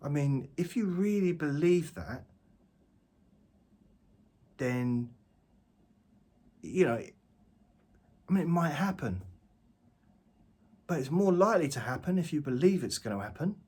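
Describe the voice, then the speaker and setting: A man's voice: on the high side, lively intonation, takes it slowly, pauses often, a little mellow, slightly rough. A man rambling to camera outdoors, jokey and self-mocking as he drifts between points. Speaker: vlogger. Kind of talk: rambling spoken monologue to camera. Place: outdoors, walking around.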